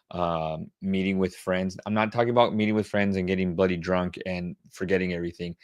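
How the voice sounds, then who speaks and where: A man's voice: deep voice, no room sound, clean studio sound. A middle-aged man answering audience questions on wellbeing in a casual, coaching tone, with plenty of fillers. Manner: conversational, coaching tone with frequent fillers. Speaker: webclass host answering questions.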